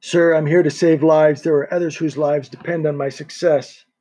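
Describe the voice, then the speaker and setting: A determined male agent, read by a male narrator, firm and insistent as he keeps pressing for help. The voice is husky and sits a little high. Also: level tone, moderate pace, warm tone, lightly acted. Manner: firm, pleading. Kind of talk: audiobook character voice.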